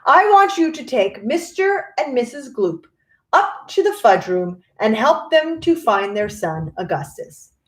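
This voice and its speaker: A woman's voice: a little high, very animated, measured pace, reverberant, pitched above the performer's own voice. A woman voicing an eccentric, theatrical male chocolate maker with breezy reassurance. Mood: whimsical.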